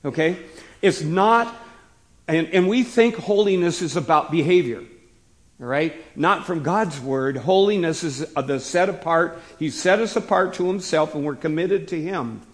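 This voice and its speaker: A hoarse man preaching a sermon as pastor, often putting questions to the listeners and stopping now and then to cough. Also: fairly high pitch, unhurried.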